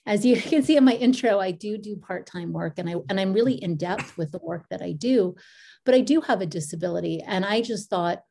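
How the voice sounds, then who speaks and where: Gravelly, mellow-voiced middle-aged woman. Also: medium pitch, a little fast. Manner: meandering, with restarts and lively quoted asides. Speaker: podcast guest. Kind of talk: casual interview storytelling.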